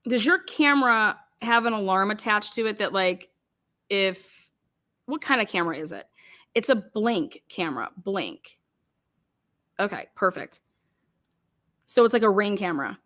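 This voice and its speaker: A woman's voice: mid-range voice, lively intonation, sharp tone. A woman commentator acting out a cross-examination, firing pointed questions one after another. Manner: rapid-fire pointed questioning.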